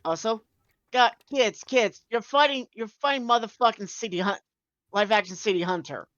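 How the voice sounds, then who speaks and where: A woman co-host riffing a film in casual commentary, reacting loudly and swearing at the screen. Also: fairly high pitch, normal speed, dry recording. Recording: slightly dull lo-fi mic.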